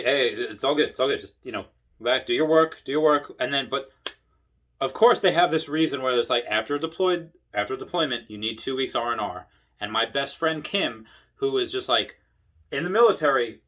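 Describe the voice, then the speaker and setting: A man's voice: mid-range voice, fairly bright tone. Rambling, tipsy man telling war stories. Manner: rambling, profane, acts out voices in bursts. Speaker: Air Force veteran telling stories. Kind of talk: casual storytelling to camera.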